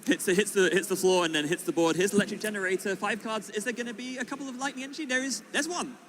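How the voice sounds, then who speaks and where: A man giving color commentary on a live card game match, quick to react, with many fillers and laughs. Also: high voice, a bit bright.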